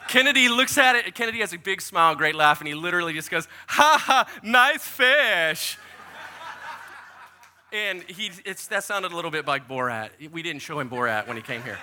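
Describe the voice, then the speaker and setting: A man in his forties, a pastor giving a sermon full of lively, joking personal stories. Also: on the high side, quick pace, hardly any pauses. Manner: animated, jokey storyteller who acts out quotes.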